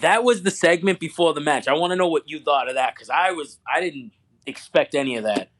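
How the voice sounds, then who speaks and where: A man's voice: on the high side, brisk, a bit bright. A man co-hosting a casual wrestling podcast, recapping matches from his notes in a rambling way with many fillers. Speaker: wrestling show co-host.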